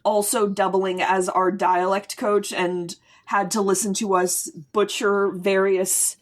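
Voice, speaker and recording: An American woman, a theatre director, in casual chat, emphatic and animated, talking in quick bursts. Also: medium pitch.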